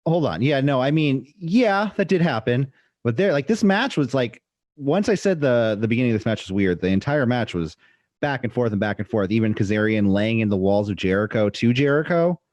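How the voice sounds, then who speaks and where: A man's voice: medium pitch, lively intonation, fairly quick, a little mellow, no echo. A man co-hosting a wrestling review podcast, hesitant and reading from notes, with wry asides. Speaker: podcast co-host. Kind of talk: casual wrestling review chat.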